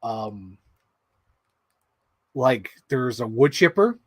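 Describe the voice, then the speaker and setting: A man chatting casually while building an action figure, rambling and excitable, swearing freely and acting out quotes. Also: mid-range voice, extremely slow, no echo. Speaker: toy unboxing vlogger.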